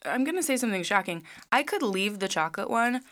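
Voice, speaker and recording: A woman co-hosting a casual chat, telling stories in a chatty, animated way while she eats. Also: mid-range voice, fast. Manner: chatty, animated storytelling with laughs.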